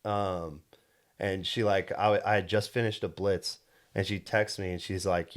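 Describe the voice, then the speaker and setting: A man's voice: low-pitched, little pitch movement, moderate pace. A young man in his twenties, a podcast co-host, telling a personal story in casual chat, earnest and rambling with many restarts. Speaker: podcast co-host and solar salesman.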